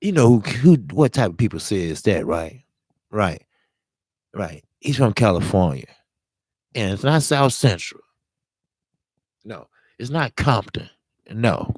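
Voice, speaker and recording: A man with a low voice, hoarse after a long day of talking, hosts a live-streamed boxing show. He gives blunt, profane opinions with lots of emphasis and greets viewers as he goes. The sound is dry and close. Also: big pitch swings, slow pace, pauses often, a little mellow, dry recording. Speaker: boxing talk show host.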